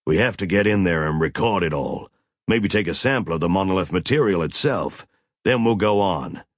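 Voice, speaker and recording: A male reader plays a gruff, practical male expedition leader. He speaks in a low, growling, matter-of-fact way. The husky voice is close and dry. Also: lively intonation, moderate pace, dry recording.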